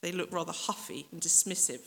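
A woman's voice: on the low side, a little fast, gravelly, a bit bright. Woman, preacher, conversational sermon, reflective, direct address, acts out quoted voices. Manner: reflective, speaks directly to listeners with rhetorical questions.

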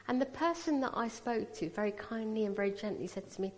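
A woman giving a sermon and telling how she came to faith, earnest and personal, with quick apologetic asides. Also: a little high, animated, a little mellow. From raised Sikh. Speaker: preacher. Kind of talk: sermon testimony. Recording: hall reverb.

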